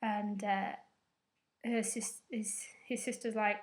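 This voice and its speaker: A woman's voice: medium pitch, flat delivery, takes it slowly. A young woman rambling through a casual recap to camera, with loose fillers and a bit of swearing. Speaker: vlogger.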